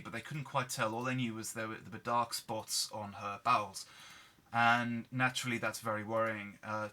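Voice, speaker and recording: A man speaking in his normal voice, quiet and candid while commenting on gameplay. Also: medium pitch. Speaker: gaming video host.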